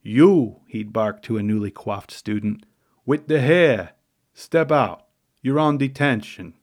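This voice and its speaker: A man voicing a gruff middle-aged male lunchroom proctor, barking orders loudly in a New York accent. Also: medium pitch, expressive, a little slow, natural voice. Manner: barking, loud, punchy emphasis.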